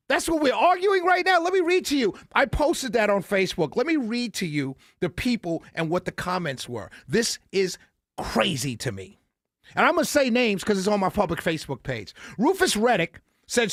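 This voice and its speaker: A man with a strikingly high voice rants off the cuff as a political commentary host. He is exasperated and incredulous, stammers through repeated words, and scoffs with short laughs. The sound is close and dry, with no room around it. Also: animated, normal speed, fairly bright tone, dry recording.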